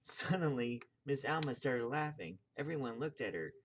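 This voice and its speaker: A man's voice: mid-range voice, expressive, normal speed, a little hiss or hum. Man, reading aloud, picture book, stumbles, self-corrects. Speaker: video host reading aloud.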